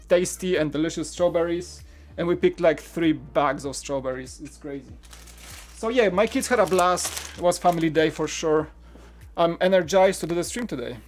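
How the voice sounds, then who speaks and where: Chatty man hosting a LEGO live stream. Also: fairly high pitch. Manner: chatty, rambling, with frequent restarts. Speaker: LEGO channel host. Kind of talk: live-stream building chat.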